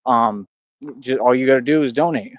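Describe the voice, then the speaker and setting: A man's voice: medium pitch, moderate pace, no room sound, narrow, tinny audio. A man in a rambling livestream rant, boastful and combative, talking straight at his critics. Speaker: streamer.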